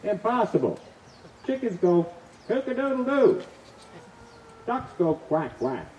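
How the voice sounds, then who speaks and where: An irritated young husband, as a male storyteller plays him, pushed up in pitch and loud with exasperation, hammering each word. Insects and birds are clear behind him outdoors, and the voice jumps around a lot. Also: big pitch swings, slow pace, roomy sound, recorded from a distance, muffled recording, a little hiss or hum, full character voice. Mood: lecturing.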